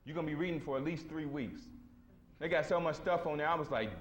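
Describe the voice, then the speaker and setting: A man's voice: fairly high pitch, fast, a little hiss or hum. A man speaking at a conference. He tells stories to a live audience in blunt, slangy, emphatic talk and acts out the voices he quotes. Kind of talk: casual storytelling lecture to a live audience. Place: conference hall before an audience.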